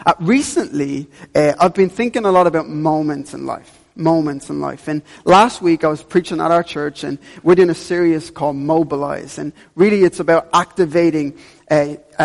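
A man's voice: fairly high pitch, gravelly. A young man, a youth pastor, preaching a sermon in a church, earnest and repeating key phrases for emphasis. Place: church hall. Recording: long hall reverb.

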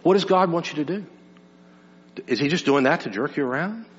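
A man delivers a sermon with a lively, rising and falling voice that lifts high for emphasis and drops to soft asides. His tone sits a little high for a man. The sound carries a long hall reverb and a slightly dull, muffled quality. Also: a little fast, breathy edge. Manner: animated preaching, swings between loud emphasis and soft low asides. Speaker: pastor.

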